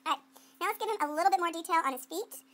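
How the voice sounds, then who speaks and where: A woman's voice: very high voice, very fast, a bit bright. A woman art teacher giving a playful running commentary while she demonstrates clay sculpting to students.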